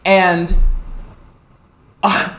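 A man streaming live, telling an angry story in a profane, animated rant with sudden loud outbursts and self-mocking asides. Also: sits high, drawn-out words.

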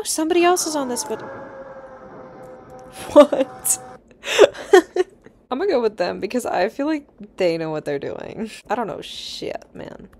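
A woman's voice: a little high, vocal fry, darkish tone, slight background noise. A young woman giving casual, easily scared let's-play commentary, chatty and swearing, with nervous laughs. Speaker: gaming YouTuber.

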